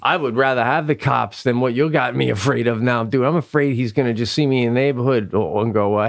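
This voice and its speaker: A man's voice: mid-range voice, fast, gravelly, few pauses, no room sound, clean studio sound. A man co-hosting a casual comedy podcast, laughing often in easygoing banter. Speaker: podcast co-host.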